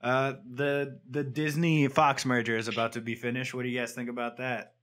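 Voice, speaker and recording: Casual male podcast host, teasing his friends, average pitch. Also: flat delivery, normal speed, a bit bright. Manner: joking, bossy, upbeat announcer tone in intro. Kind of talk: casual chat.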